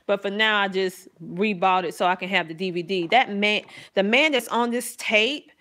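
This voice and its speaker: A middle-aged woman, a homeschooling mom, chatting casually and enthusiastically about her family's math books, rambling a little and laughing softly. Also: mid-range voice, normal speed. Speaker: homeschooling mom reviewing curriculum. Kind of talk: casual chat to camera.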